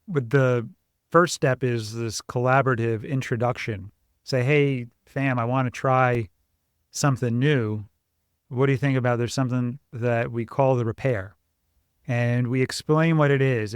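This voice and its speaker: Man, podcast co-host, casual, animated, smooth voice, dry close sound. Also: mid-range voice, no room sound. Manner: animated, acts out scenes with family. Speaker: podcast co-host, parenting coach. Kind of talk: casual conversational explanation.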